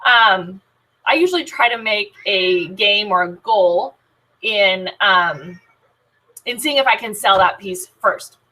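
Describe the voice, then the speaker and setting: Bright, chatty woman leading a team call. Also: mid-range voice, animated, slow, low-quality recording. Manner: chatty, many filler "um"s and restarts, upbeat. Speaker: team leader of a sales team. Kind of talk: casual team training talk.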